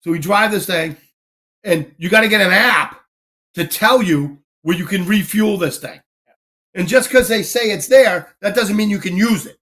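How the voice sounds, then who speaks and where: A man hosting a podcast, telling an animated, profane story in casual chat and acting out the quotes. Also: high-pitched, normal speed. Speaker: podcast host.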